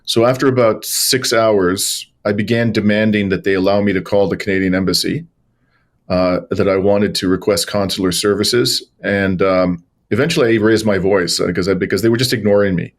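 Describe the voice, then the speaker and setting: A man, a journalist and lawyer, telling animated stories as an interview guest, with many fillers and restarts. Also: on the low side, moderate pace. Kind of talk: conversational interview storytelling.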